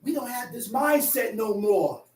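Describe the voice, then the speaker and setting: A man teaching a Bible class as a preacher, animated and often shouting, with laughs between points. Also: extremely high pitch, a little slow. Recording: roomy sound from a distant mic.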